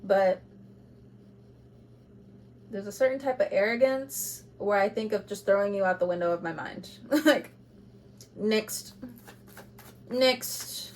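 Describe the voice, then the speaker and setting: A woman giving an intuitive tarot reading to camera, speaking bluntly and with passion, moving between loud urging and quiet asides, with laughs between points. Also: medium pitch, normal speed, long pauses, slight background noise. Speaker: tarot reader.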